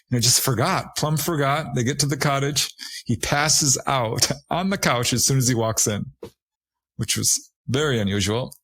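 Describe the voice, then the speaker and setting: A man's voice: moderate pace, husky, no echo. A man telling a witness's story in casual conversation, laughing often and raising his voice to act out the people he quotes. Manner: animated retelling, acts out quoted witnesses with raised pitch; laughs often while talking. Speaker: guest, paranormal investigator.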